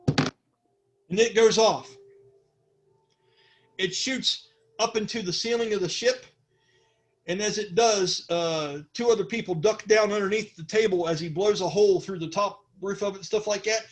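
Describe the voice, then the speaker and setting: A man narrating as game master of a tabletop role-playing game, slipping into sarcastic character voices. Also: high-pitched. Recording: faint music behind.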